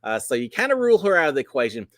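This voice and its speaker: A man's voice: mid-range voice, big pitch swings, racing, fairly bright tone, no echo, clean studio sound. A middle-aged man hosting a casual livestream chat, folksy and upbeat, with plenty of "uh" fillers. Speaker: host.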